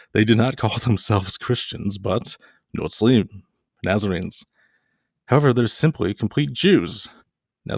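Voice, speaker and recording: A man's voice: fairly low pitch, darkish tone, no room sound, studio quality. A man giving a casual video lecture, dropping playful jokes and mock-scary asides.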